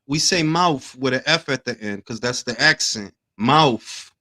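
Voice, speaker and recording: A man co-hosting a live boxing reaction chat, loud and joking, often laughing. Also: medium pitch, lively intonation, moderate pace. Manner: loud, laughing, mock accents.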